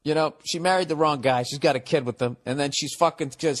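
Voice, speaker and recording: A man's voice: medium pitch, steady tone, fast. A man in his fifties with a Boston accent, giving blunt, profane advice in a casual podcast monologue.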